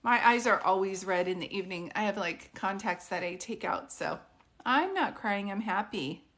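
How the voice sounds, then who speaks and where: A woman's voice: medium pitch, fairly bright tone. A woman hosting a casual livestream at home as a psychic medium, chatting and reading viewer comments aloud to greet people by name. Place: at home with her dog. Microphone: phone livestream.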